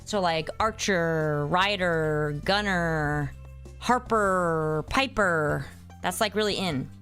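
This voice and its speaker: A woman's voice: lowish voice, takes it slowly, fairly bright tone, soft background music. A young woman streaming a game, chatting casually, getting distracted, and answering her chat by name. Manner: playful, hums nonsense sounds while playing. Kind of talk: casual live-stream chat while gaming.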